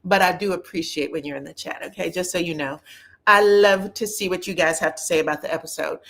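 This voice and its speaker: A woman's voice: fairly low pitch, fairly quick. Chatty woman hosting a live review. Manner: chatty, animated, laughs often. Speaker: reality TV review host. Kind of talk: casual live-stream chat.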